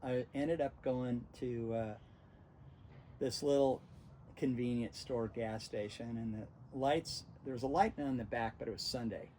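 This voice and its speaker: Animated storytelling man in his sixties. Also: medium pitch, unhurried, a little hiss or hum, low-quality recording. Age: 60s. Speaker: host. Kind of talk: casual storytelling interview.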